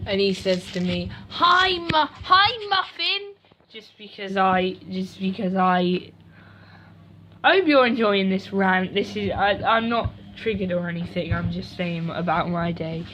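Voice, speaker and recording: Here a woman speaks in a lowish, fairly even, unhurried voice over slight hiss or hum. Filming a casual vlog beside her washing machine at home, she wanders from point to point, fixes her own words and adds chatty asides; the recording is dull and lo-fi.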